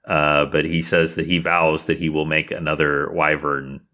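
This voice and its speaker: A man's voice: extremely low pitch, flat delivery, moderate pace, pushed and bright. A man narrating as game master of a tabletop game, casual and chatty with asides.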